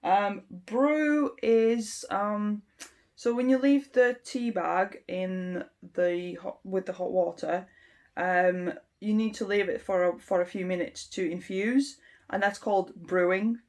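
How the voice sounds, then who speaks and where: Woman, language teacher, slow unhurried delivery, gravelly creak, explanatory, casual lesson. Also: medium pitch, steady tone, a little mellow. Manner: unhurried and explanatory, with frequent ums. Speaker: English teacher.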